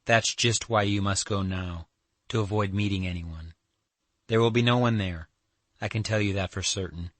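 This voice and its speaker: An earnest young man, played by a male reader in a classic audiobook, pressing his plea with merciless emphasis. The voice sits on the low side. It is recorded close and dry, with no room sound. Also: moderate pace, a bit bright, dry recording, natural voice. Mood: insistent. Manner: emphatic, pleading.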